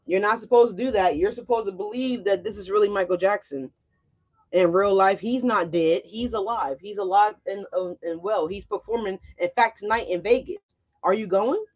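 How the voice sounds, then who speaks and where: A young adult woman doing a casual tarot reading, animated and profane, speaking straight to her viewers. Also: mid-range voice, moderate pace. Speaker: tarot reader.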